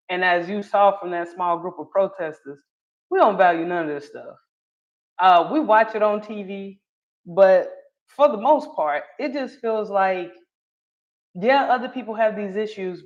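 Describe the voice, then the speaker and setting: Chatty Southern woman on a live stream. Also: mid-range voice. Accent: Southern US, North Carolina. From Charlotte, North Carolina. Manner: chatty, laughing often, correcting herself mid-thought. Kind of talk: casual live-stream commentary. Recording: slightly dull lo-fi audio.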